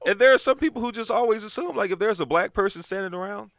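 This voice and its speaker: A man's voice: sits high, quick pace, vocal fry, fairly bright tone, a little hiss or hum. A man co-hosting a podcast who chats casually and backs up his co-host with murmured agreement. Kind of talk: casual conversation.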